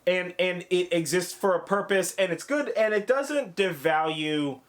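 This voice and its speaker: A man with a slightly high voice, gushing over a film in a casual review chat. He is excitable and swears freely. He jumps into quoted voices to act out scenes. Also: a little slow. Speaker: podcast co-host reviewing films.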